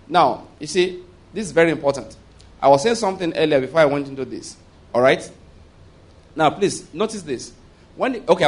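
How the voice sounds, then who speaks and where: Emphatic preacher, fairly high voice. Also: male voice. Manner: emphatic, calls for congregation responses. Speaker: pastor. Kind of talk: sermon. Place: church.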